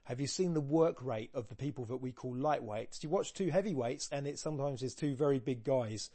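A man talks through a poem in a loose, joking way, often doubling back on himself. His voice sits at an ordinary pitch for a man. The recording is close and dry, with no room sound. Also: brisk, dark tone, dry recording. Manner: rambling, jokey, self-deprecating, with frequent restarts. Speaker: podcast host discussing poetry. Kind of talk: casual spoken analysis.

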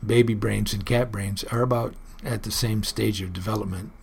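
A man's voice: on the low side, steady tone, moderate pace, gravelly, slightly rough. A man hosting his own personal report, musing aloud in an earnest, casual monologue.

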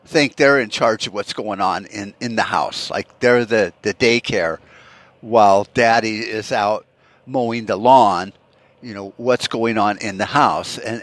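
A man's voice: mid-range voice, a bit bright, no room sound. A man hosting a solo podcast rant, profane and rambling, full of fillers and restarts. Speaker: podcast host.

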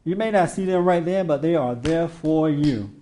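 A spiritual teacher gives an informal sermon to a small group, his fairly high, mellow voice moving at a moderate pace over slight background noise and a roomy echo. He tells stories conversationally, acting out quotes and laughing often.

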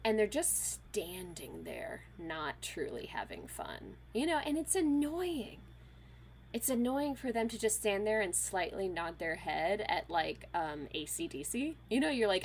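A woman in her thirties, a podcast guest, telling a weekend story in a casual, animated way, full of fillers and quoted voices. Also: medium pitch, unhurried, creaky, a little hiss or hum. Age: 30s.

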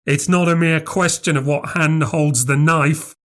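A man voicing a small, sinister bearded stranger who talks in low, breathless, conceited tones. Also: steady tone, measured pace, fairly bright tone. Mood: conceited cryptic. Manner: conceited, cryptic.

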